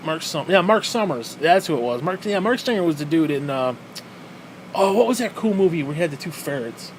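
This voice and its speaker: A man's voice: a little high, animated, brisk, a little hiss or hum. A man hosting a podcast alone, ranting with heavy profanity and mocking rhetorical questions, exasperated and sarcastic. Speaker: podcast host. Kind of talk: solo ranting podcast monologue.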